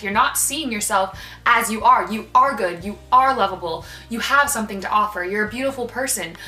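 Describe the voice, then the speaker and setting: A young woman gives gentle, encouraging advice in a bright voice, dotted with "um" and "like." The room is echoey, with soft music underneath. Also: medium pitch. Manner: warm, encouraging, with fillers like "um" and "like". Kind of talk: casual advice talk to camera.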